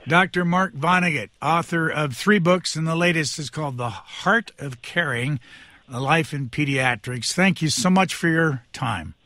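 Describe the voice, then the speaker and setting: A man hosting a podcast interview, asking measured, polite questions. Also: fairly high pitch, pushed and bright, no echo.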